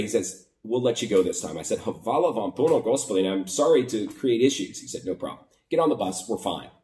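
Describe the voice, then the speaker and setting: A man's voice: medium pitch, warm tone, roomy sound, recorded from a distance. A man from the United States casually retelling a border crossing story, acting out both sides of the conversation. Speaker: vlogger.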